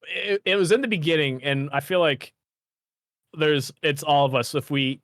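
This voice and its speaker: A man who is an aspiring voice actor, guesting on a podcast and telling a story in a relaxed way with hesitant fillers. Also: on the high side, normal speed, dry recording, clean studio sound. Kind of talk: casual interview chat.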